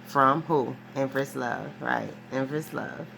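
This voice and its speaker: A woman with a deep, low voice talks through a tarot reading in a loose, conversational way. She is emphatic and profane, circles back on her own phrases, and keeps asking "right?" There is a faint background hiss. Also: slow, gravelly. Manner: rambling and profane, ends phrases with a questioning "right?"; animated, emphatic storytelling with frequent restarts. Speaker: tarot reader. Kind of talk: casual spoken tarot reading.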